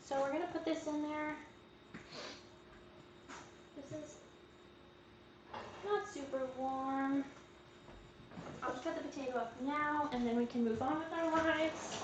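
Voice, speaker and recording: Young female cooking host, high voice, casual and jokey, live in an echoey, noisy kitchen. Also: steady tone, slow pace, pauses often, highs cut off. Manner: chatty, jokey, talks to herself while cooking. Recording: echoey kitchen with background noise.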